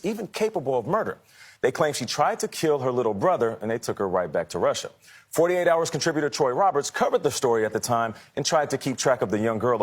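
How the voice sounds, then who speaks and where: A man reads the news in studio, introducing a report with an animated, rising-and-falling delivery. His pitch sits in a middle register. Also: breathy edge. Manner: measured, lively newsreader delivery. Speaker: news anchor.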